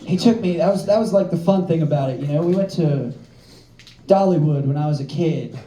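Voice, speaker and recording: High-voiced young comic on a club stage. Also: male voice, a little fast, warm tone, a little hiss or hum. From American South. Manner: loose, rambling delivery with filler words. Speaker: stand-up comedian. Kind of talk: stand-up comedy set. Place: comedy club stage with live audience. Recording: roomy club with audience laughter.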